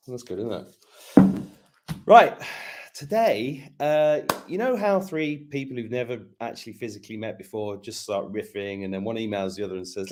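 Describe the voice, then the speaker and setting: Man, host, playful, jokey, lively swooping pitch, video call chat. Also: fairly quick. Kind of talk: casual live-stream chat.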